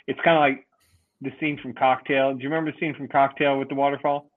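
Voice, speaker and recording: A man's voice: medium pitch, level tone, quick pace. A man co-hosting a podcast, casually telling a rambling story, swearing and laughing often. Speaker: podcast co-host. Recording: phone-like lo-fi radio sound.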